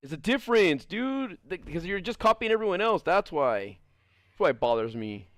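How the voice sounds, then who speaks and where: A young man chats on his livestream in a higher-than-usual voice that swings widely up and down. He is blunt and profane and rambles through his thoughts with a steady stream of fillers. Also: moderate pace, no echo. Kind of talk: casual livestream chat.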